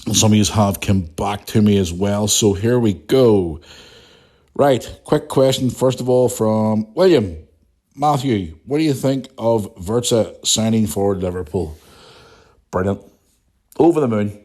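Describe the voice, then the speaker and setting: Young male podcast host, lowish pitch, casual sweary banter. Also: measured pace, mellow. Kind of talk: casual ranting chat, reading listener emails.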